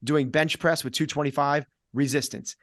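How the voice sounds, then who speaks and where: A man's voice: fairly high pitch, moderate pace, no room sound. Middle-aged guy coaching on a podcast, punchy and repetitive, acts out little voices, super dry sound. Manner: energetic, acts out inner voices in quoted asides. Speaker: fitness coach, podcast guest. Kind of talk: podcast conversation.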